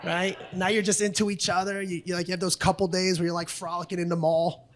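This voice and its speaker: A man's voice: high voice, level tone, fast. A man doing a stand-up comedy routine on a club stage, brash and profane, often slipping into other people's voices.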